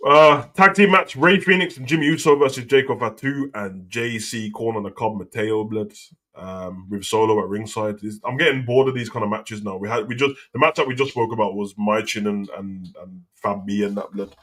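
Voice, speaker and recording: A man's voice: lowish voice, moderate pace, bright, forceful tone. Slangy man chatting wrestling. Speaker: wrestling show host. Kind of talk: casual live reaction chat.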